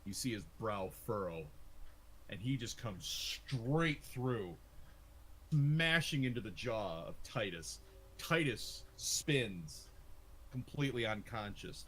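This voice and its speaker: A man running a tabletop game as game master, narrating the action in a lively storytelling manner and laughing easily. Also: fairly low pitch, takes it slowly, slight background noise.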